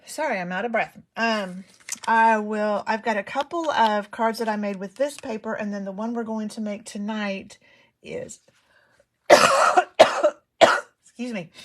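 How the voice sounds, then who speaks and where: Woman, live craft demo host, rambling and chatty, lingering cough from a cold, mid-pitched voice. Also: moderate pace. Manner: chatty, rambling, many ums. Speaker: papercraft demonstrator.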